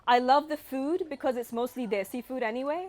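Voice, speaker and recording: A British-raised woman in her forties doing a stand-up set, with a British accent softened by California and a wry, punchline-driven way of telling stories. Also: high voice, brisk. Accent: British with a slight Californian tinge. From United Kingdom. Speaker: stand-up comedian.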